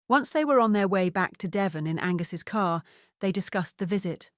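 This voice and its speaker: A woman reading a mystery novel aloud in a steady, even narration. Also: lowish voice, normal speed, no room sound, clean studio sound. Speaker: audiobook narrator. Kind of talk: scripted narration.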